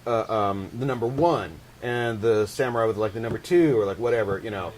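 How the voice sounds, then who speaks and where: A man's voice: on the low side, a little fast, a little mellow. Man hosting, hesitant with ums. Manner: hesitant, many ums and restarts. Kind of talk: casual podcast chat.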